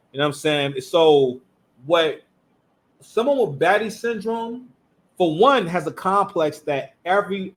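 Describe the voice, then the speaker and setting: A man hosting a reaction commentary, animated and emphatic, talking in street slang. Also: a little high. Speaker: commentary channel host.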